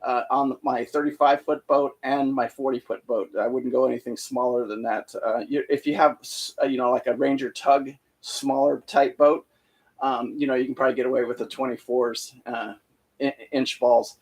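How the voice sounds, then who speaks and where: Rambling husky-voiced man telling a boating story. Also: medium pitch, steady tone, moderate pace, darkish tone. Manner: rambling, many fillers and restarts. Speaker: boating vlogger. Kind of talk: casual live-stream storytelling.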